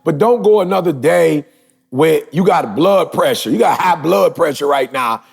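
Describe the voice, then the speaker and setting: Gravelly emphatic man in his forties. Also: a little high, animated, normal speed. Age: 40s. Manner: emphatic, building to shouts. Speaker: podcast host. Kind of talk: casual podcast talk.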